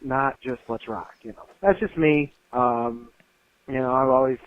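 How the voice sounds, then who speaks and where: A man's voice: mid-range voice, steady tone, a little slow, no room sound. A man leaving a joking voicemail for a podcast, talking loosely to the hosts. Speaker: listener calling in with voicemails. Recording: tinny phone-line voicemail.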